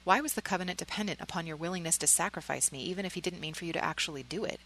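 Quiet earnest son, as a woman reads him, soft hushed questions, low and bright. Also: rapid-fire, a little hiss or hum, poor audio. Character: grown son, quiet, earnest young man.

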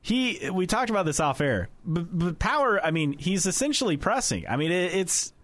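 Relaxed, chatty man co-hosting. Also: high-pitched, normal speed, no room sound. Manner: relaxed, chatty, laughs often. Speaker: podcast co-host. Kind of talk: casual chat.

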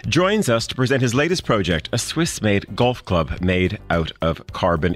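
A man hosting a live radio talk show from a studio, talking in halting phrases full of "uh" fillers. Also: deep voice, lively intonation.

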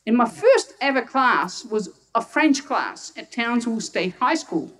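A woman's voice: fairly high pitch, big pitch swings, a little slow, a bit bright, recorded from a distance. A woman from Hungary who is a doctor, telling personal stories to an audience and laughing often. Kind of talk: personal storytelling talk to an audience.

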